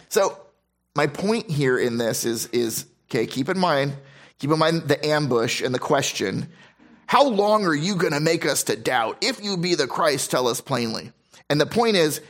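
A man preaching a sermon, reading scripture aloud and explaining it with emphatic repetition and frequent restarts. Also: fairly high pitch. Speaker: pastor.

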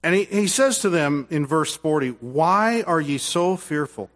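A man preaching a sermon as pastor, earnest, swinging from loud bursts to hushed quiet, then leading a closing prayer. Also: on the high side, lively intonation, measured pace, in a large hall.

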